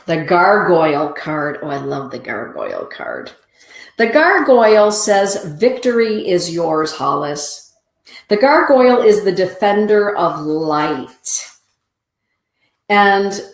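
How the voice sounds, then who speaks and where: A woman's voice: on the low side, sing-song, slow, echoey room, rough recording. A woman hosting a show, giving soothing, affirming oracle card readings and greeting listeners by name.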